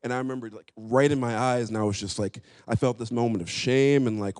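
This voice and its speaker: A man's voice: medium pitch, steady tone, fast, few pauses, a little mellow. Earnest man telling a personal story. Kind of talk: personal story in casual talk.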